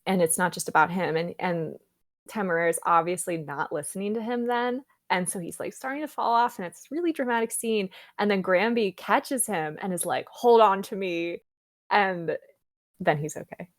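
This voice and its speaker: A woman's voice: fairly low pitch, normal speed, no room sound, studio quality. A young woman co-hosting a podcast, eagerly retelling a book's scenes in casual chat full of fillers. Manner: animated retelling with many fillers. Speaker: podcast co-host. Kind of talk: casual book discussion.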